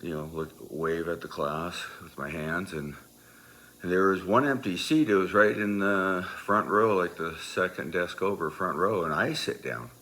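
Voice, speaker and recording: A man telling a personal story in a loose, animated way, moving from quiet asides to loud, emphatic bursts. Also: low voice, normal speed. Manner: loose, with many fillers and restarts.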